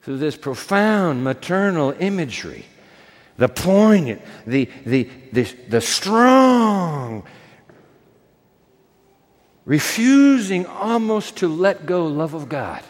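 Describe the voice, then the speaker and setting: High-voiced dramatic preacher in a reverberant hall. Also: male voice, very animated, slow. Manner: dramatic storytelling, drops to soft emphasis. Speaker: pastor. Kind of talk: sermon.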